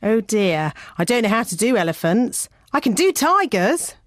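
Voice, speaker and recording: A woman's voice: on the high side, big pitch swings, normal speed, dry recording. A woman voicing a cheerful, chatty rabbit lady who paints faces in a cartoon.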